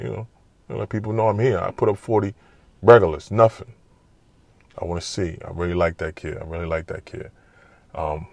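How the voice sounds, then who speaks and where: Animated trash-talking New man. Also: deep voice, gravelly, no room sound. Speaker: basketball commentator. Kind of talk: casual sports talk monologue.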